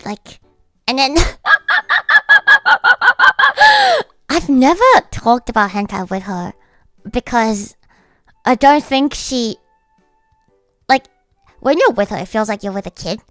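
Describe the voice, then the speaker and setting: Woman streamer, higher voice, dry close sound, swears freely while ranting, faint music underneath. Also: huge pitch swings, slow, long pauses, pushed and bright, no room sound. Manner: blunt, profane, ranting storyteller. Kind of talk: casual livestream chat.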